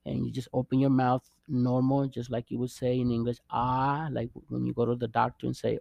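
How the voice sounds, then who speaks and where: A man giving a patient, encouraging spoken lesson, repeating words slowly and checking in with the learner. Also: medium pitch, level tone, creaky, no echo, highs cut off. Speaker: Spanish teacher.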